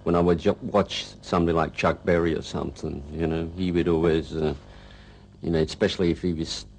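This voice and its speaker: Man, rock guitarist, very deep gravelly voice, rambling interview talk. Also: little pitch movement, darkish tone, poor audio. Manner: rambling and halting, full of "you know". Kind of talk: casual interview reminiscence.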